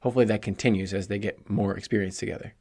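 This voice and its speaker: A man's voice: on the low side, steady tone, racing, dark tone, breathy edge. A man hosting a solo sports preview podcast, talking casually and chattily with joking asides. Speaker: podcast host.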